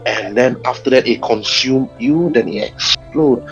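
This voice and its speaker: A man's voice: mid-range voice, measured pace, few pauses, highs cut off, soft background music. A man narrating as game master of a tabletop game, stretching words for suspense and laughing at his own jokes.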